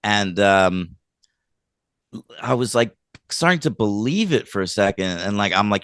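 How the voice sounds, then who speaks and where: A man co-hosting a casual film review podcast, rambling and animated as he retells scenes, with lots of fillers. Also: lowish voice, measured pace, long pauses, no echo, clean studio sound. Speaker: podcast co-host.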